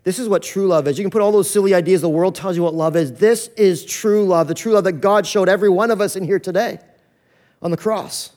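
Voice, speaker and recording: A man preaching in a church, his voice sitting high for a man. He moves between loud, urgent stretches and quiet, hushed ones, and acts out voices in the stories he tells. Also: fairly quick. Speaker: pastor. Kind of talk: sermon.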